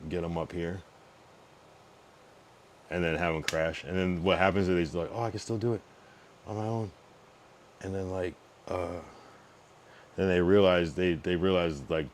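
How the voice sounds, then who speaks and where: A deep-voiced young man holds forth on his livestream, swearing freely and circling back over his own words. His talk is loose and rambling, full of restarts. A faint hiss sits under his voice. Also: little pitch movement, moderate pace. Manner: blunt, profane, rambling with frequent restarts. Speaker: streamer. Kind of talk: casual livestream monologue.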